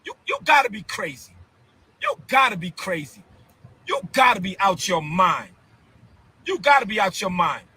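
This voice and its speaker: A bishop ranting on a live stream in a fiery, confrontational preaching cadence, full of incredulous repeated outbursts. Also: male voice, sits high, big pitch swings, moderate pace, long pauses, bright, forceful tone, husky, low-quality recording. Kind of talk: heated live-stream rant.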